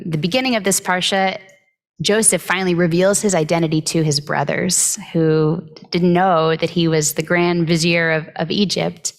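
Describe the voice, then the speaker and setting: A woman delivers a conversational sermon in a lowish voice with a gravelly, creaky edge. She sounds reflective and unhurried, pausing often and reaching for words as she teaches. She is recorded on a close microphone. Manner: reflective, unhurried, with frequent pauses and filler words. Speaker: clergy giving the weekly Torah talk.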